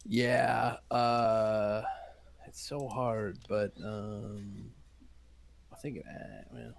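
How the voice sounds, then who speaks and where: A man playing in a tabletop game, animated and joking, trash-talking the monsters. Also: lowish voice, drawn-out words, gravelly, slight background noise. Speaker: player. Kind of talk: casual tabletop game chat.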